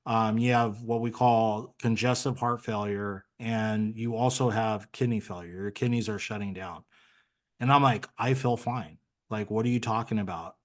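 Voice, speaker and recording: A man's voice: fairly low pitch, steady tone, moderate pace. A man speaking as an interview guest, telling his story in an earnest, conversational way with plenty of fillers. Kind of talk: candid personal story.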